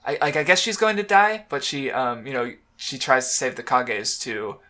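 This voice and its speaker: A man co-hosting a casual podcast about comics. His voice is bright and forward, sitting at an average pitch. He rambles and restarts often and breaks into laughter as he talks. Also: sing-song, moderate pace. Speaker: podcast co-host. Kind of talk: casual chat about manga.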